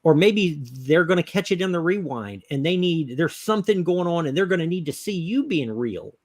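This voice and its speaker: Man cohosting, earnest and thoughtful, slightly high voice, dry sound. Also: expressive, normal speed, no room sound. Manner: reflective, earnest. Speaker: co-host. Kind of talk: casual chat.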